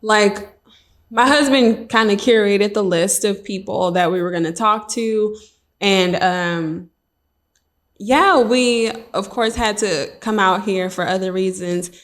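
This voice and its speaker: A woman hosting a relaxed interview podcast, chatting with an animated, excitable energy. She often slips into quick impressions of what friends and family told her. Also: medium pitch. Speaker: podcast host. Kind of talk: casual interview chat.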